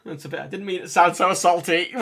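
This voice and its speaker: A man's voice: high-pitched, brisk, bright, forceful tone, husky. A man chatting casually on a livestream while repairing a controller, joking, swearing and laughing often. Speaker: streamer.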